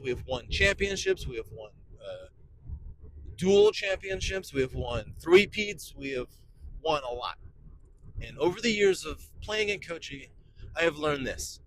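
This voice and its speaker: A man's voice: medium pitch, a little hiss or hum, low-quality recording. A man in his forties, a pastor, giving casual podcast talk in an enthusiastic, emphatic way and repeating key phrases. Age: 40s.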